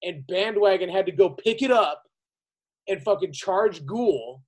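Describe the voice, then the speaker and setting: A man hosting a podcast, telling an animated, profanity-heavy story in casual chat. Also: high voice, measured pace, breathy edge, poor audio. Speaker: podcast host.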